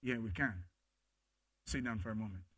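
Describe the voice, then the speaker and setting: A man voicing God as a gentle father, speaking softly and low. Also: normal speed, dry recording. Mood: tender. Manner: soft, low and hushed.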